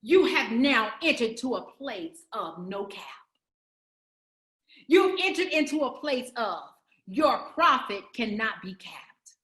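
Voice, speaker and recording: A woman's voice: on the high side, big pitch swings, takes it slowly, fairly bright tone, roomy sound. A woman giving a motivational speech to entrepreneurs, preacherly and emphatic, building through repeated phrases. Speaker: summit speaker.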